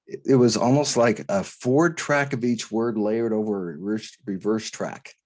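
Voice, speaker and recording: A guest author from Idaho, his voice low and somewhat dark, tells a personal story during an interview. He speaks earnestly but haltingly, restarting often and voicing the people he quotes.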